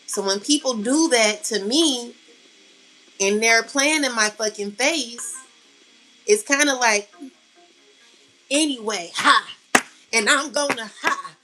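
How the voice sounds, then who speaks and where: A woman with a fairly high, bright voice delivers a slow, heartfelt spiritual monologue to her listeners. She is blunt and passionate, swears freely, and sounds close to tears. Soft music plays quietly behind her. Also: low-quality recording. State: near tears. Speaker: tarot reader. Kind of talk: emotional spiritual monologue to viewers.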